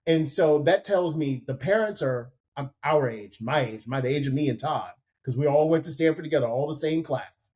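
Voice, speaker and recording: A man's voice: on the high side, moderate pace, few pauses. Earnest man retelling a story. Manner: earnest, animated retelling with quoted voices. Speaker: podcast co-host. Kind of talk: conversational storytelling.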